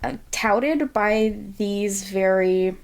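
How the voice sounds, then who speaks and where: A woman's voice: mid-range voice, very slow, clean tone. A woman chatting casually on a podcast, often laughing and putting on mocking voices. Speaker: podcast guest.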